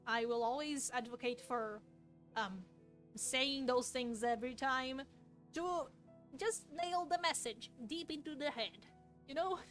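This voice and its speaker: Young adult woman, high and unhurried, rambling casual chat while drawing, faint music underneath. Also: fairly bright tone. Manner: rambling, self-interrupting, laughs often. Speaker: artist streaming while drawing. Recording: faint music playing behind.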